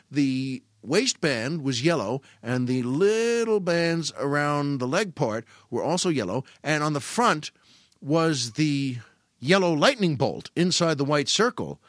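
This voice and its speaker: A man's voice: a little high, a bit bright, no echo, clean studio sound. A middle-aged man telling a funny family story in casual monologue, self-mocking and full of restarts. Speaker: podcast host.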